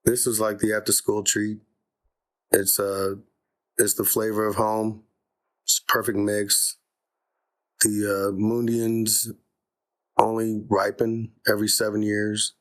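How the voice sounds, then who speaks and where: A man at a tabletop game with a fairly low voice. He speaks unhurriedly, relaxed but keen, as he fills in his character's story. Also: slow, long pauses. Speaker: player. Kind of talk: casual tabletop play.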